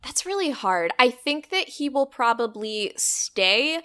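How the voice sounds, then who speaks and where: A woman co-hosting an anime review podcast in casual chat, excitable, laughing often and swearing freely. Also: a little high, a little slow. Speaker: podcast co-host.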